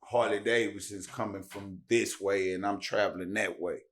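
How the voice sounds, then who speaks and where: A man's voice: fairly low pitch, normal speed. A man, telling a story casually as a podcast guest and acting out the dialogue. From Tennessee. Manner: animated, acts out dialogue with raised voice.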